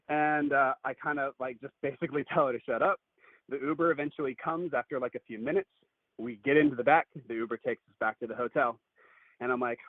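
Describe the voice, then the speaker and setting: A man's voice: mid-range voice, brisk, creaky, no room sound. Man telling a story over the phone. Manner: animated, acts out quotes. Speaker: caller. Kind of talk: casual storytelling. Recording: tinny phone line.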